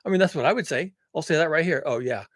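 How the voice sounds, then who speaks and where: A man's voice: on the high side, very fast, no echo. A man talking to camera in a casual monologue, sardonic, blunt and profane, often laughing. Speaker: climate commentary vlogger.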